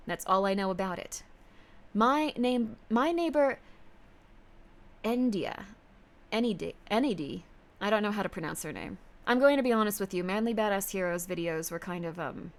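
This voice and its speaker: A woman streamer chatting casually on a livestream, bubbly and effusive, gushing praise to her viewers. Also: fairly high pitch.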